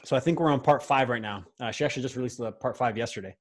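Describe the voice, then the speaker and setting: A man's voice: medium pitch, very fast, low-quality recording. A man talking in a casual conversation as a guest, rambling with frequent restarts and fillers. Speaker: podcast guest, film co-founder.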